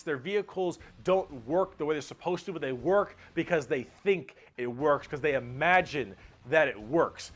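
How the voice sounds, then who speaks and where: A man giving a comedic, animated lore explanation, joking and swearing casually. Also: on the high side.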